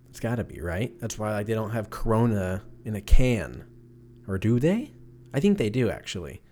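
A man's voice: fairly low pitch, big pitch swings, moderate pace, warm tone, a little hiss or hum. A man in his thirties hosting a solo podcast, rambling casually with loose, profane, jokey storytelling while drinking a beer. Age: 30s. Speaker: podcast host.

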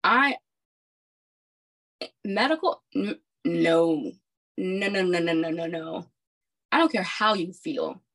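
A woman, a podcast guest, recounting a personal story in an animated, emphatic way with frequent restarts. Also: fairly low pitch, takes it slowly, long pauses.

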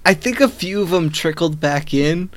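A man's voice: fairly high pitch, lively intonation, moderate pace. A man in a casual gaming chat, amused, stopping and restarting his sentences.

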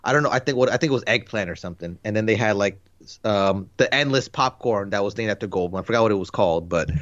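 A man's voice: lowish voice, quick pace, a bit bright, dry recording, muffled recording. A man in his thirties co-hosting a podcast, chatting casually in a rambling, laid-back way full of fillers. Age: 30s. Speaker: podcast co-host. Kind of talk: casual chat.

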